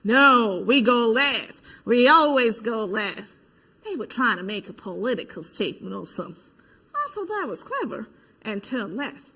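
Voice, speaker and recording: Actress playing a high, bright-voiced protester witness. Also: female voice, very animated, moderate pace, husky, exaggerated voice. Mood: recounting. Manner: vivid retelling that acts out quoted voices. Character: adult female protester giving eyewitness testimony. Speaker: stage actor. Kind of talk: verbatim theater monologue.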